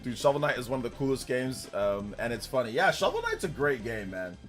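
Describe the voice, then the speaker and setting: A man's voice: medium pitch, wildly swooping pitch, a little fast, faint music behind. A young man streaming a video game live, chatting casually, rambling and repeating himself and laughing easily.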